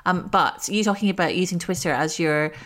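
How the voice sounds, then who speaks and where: Host, woman, 40s; chatty, anecdotal, lowish voice. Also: fairly quick, fairly bright tone. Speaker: interviewer host. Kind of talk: conversational interview.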